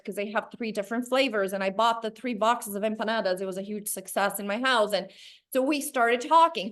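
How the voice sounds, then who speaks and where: Woman, sales trainer, animated, acts out dialogue, fairly high voice, video call. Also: a little fast. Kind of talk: motivational sales training talk.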